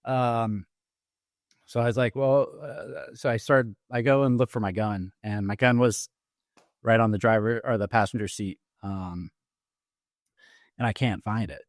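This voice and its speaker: A middle-aged man, an Army veteran, telling his own story as a podcast guest, in a halting way with many fillers and restarts. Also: mid-range voice, fairly even intonation, no room sound, clean studio sound. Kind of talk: personal story told in an interview. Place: podcast studio.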